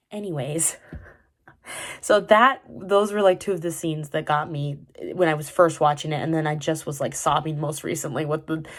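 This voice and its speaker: Young woman vlogger, low voice, loose rambling delivery with lots of fillers. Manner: rambling, many "like" fillers and restarts. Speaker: vlogger reviewing a TV drama. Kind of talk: casual chat.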